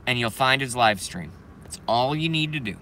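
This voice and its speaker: A man hosting a live stream, ranting in a profane, heated way that swings between loud outbursts and muttering. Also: medium pitch, lively intonation, moderate pace, a little hiss or hum. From Boston, Massachusetts.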